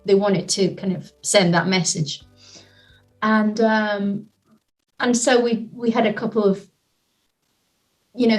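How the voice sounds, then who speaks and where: A woman in a casual interview, telling a personal story with lots of fillers and lively retellings. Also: mid-range voice, poor audio. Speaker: guest, nonviolent communication trainer.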